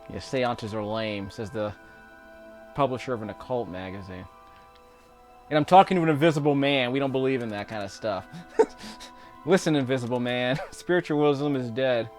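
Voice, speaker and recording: A man's voice: mid-range voice, a little mellow. A man giving casual, rambling commentary while playing a video game, chuckling often between remarks. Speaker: YouTube gameplay commentator. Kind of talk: casual let's-play commentary.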